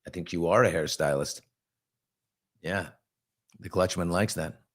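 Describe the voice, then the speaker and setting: Middle-aged male host, lower voice, relaxed morning chat, animated storyteller, reads viewer comments. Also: measured pace. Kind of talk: casual live morning chat.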